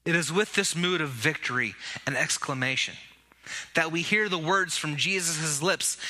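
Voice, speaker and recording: Man, pastor, Easter sermon, very bright tone, fairly high voice, animated, call-and-response, voice giving out. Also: normal speed. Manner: animated preaching, leads the congregation in call-and-response.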